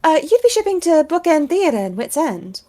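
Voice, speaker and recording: A woman voicing a polite, soft-spoken male companion who talks with small hesitations. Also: sits high, sing-song, normal speed, voice pushed up.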